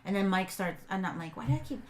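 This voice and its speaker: Young female podcast co-host, casual and chatty, mid-pitched, loose recap delivery with fillers. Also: animated, quick pace. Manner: chatty, recapping a show with many fillers and self-corrections. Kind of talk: casual chat.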